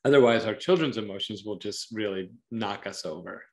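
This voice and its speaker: Animated male psychologist explaining calmly. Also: lowish voice, brisk. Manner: animated, acts out parents' and children's voices in quotes; thoughtful, uses metaphors to explain. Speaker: psychologist and author, interview guest. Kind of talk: conversational interview, explaining parenting ideas.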